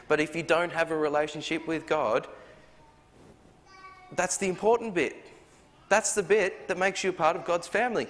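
A man's voice: fairly high pitch, fairly bright tone. A man preaching a sermon, earnest, asking the listeners one question after another and acting out the voices he quotes. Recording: long hall reverb.

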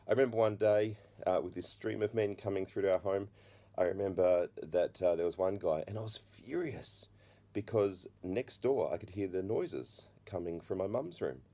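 A middle-aged man sharing his personal testimony, halting with many restarts, and a slight cough. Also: deep voice, warm tone. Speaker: speaker giving his testimony.

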